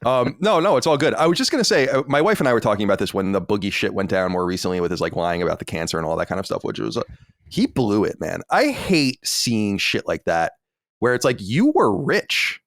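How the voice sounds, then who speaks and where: A man's voice: fairly low pitch, sing-song, fairly quick, a bit bright, dry recording, studio quality. A man hosting a podcast in casual chat, blunt and profane, getting heated. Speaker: podcast host.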